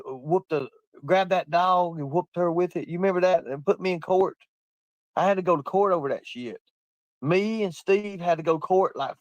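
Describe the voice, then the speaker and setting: A man's voice: on the high side, no room sound. Profane laughing man, dry room. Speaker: livestream host. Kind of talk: casual livestream chat reading comments.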